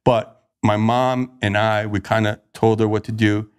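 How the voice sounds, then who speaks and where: A man's voice: on the low side, a little slow, clean tone. A young man on a podcast, telling his recovery story in a casual, slangy way and acting out the quoted lines. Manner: animated, slangy, acts out quoted dialogue.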